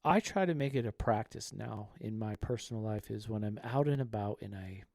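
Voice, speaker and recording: A man's voice: lowish voice, fairly quick, gravelly, a little mellow, no echo, studio quality. A man co-hosting a podcast, telling a story in an earnest, conversational way. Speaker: podcast co-host. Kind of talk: casual chat.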